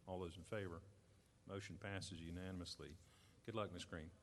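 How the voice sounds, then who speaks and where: A man chairing a public board meeting, running through motions and votes in brisk, routine procedural phrasing. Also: low-pitched, steady tone, a little hiss or hum. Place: community center gym.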